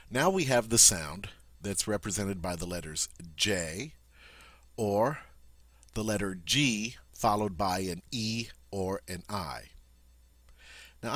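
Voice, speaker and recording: A man's voice: lowish voice, fairly bright tone, no room sound. Man, language teacher, patient explaining, dry close sound. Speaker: French teacher. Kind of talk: language lesson.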